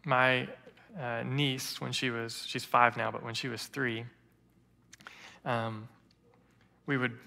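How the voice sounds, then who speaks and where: A man's voice: mid-range voice, slow pace, creaky, long pauses. A man serving as interim lead pastor, preaching an earnest sermon in a storytelling manner. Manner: earnest storytelling preacher, quotes others in lively voices. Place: church sanctuary. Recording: church hall reverb.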